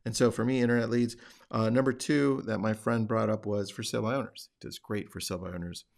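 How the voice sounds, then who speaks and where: Gravelly low-voiced man talking shop. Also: steady tone, fast, darkish tone. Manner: conversational, acts out phone calls in a livelier voice. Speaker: podcast host and real estate coach. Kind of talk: casual talk.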